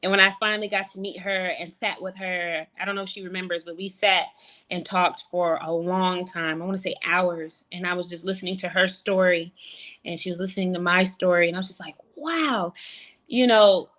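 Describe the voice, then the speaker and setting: Brief: bright, effusive woman, animated casual chat over a video call. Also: on the low side, a little fast. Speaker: guest.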